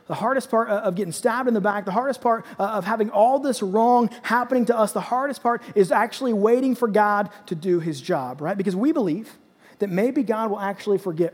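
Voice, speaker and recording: A man's voice: sits high, husky. A man preaching a sermon, acting out scripture passages with rising intensity and emphatic repetition. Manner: dramatic scripture reading, rising to shouts. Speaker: pastor. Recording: long hall reverb.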